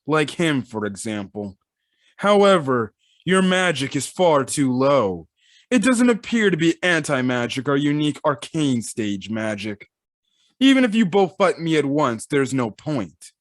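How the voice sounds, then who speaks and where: A man's voice: on the high side, big pitch swings, measured pace, dry recording, clean studio sound. A man reading as a condescending arrogant villain. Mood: menacing.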